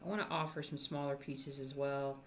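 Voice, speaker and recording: A woman's voice: rumbling low, little pitch movement, fairly quick, a little hiss or hum. A woman who designs cross-stitch, chatting casually with her viewers from home in a rambling way, often restarting her thoughts. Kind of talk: casual live-stream chat.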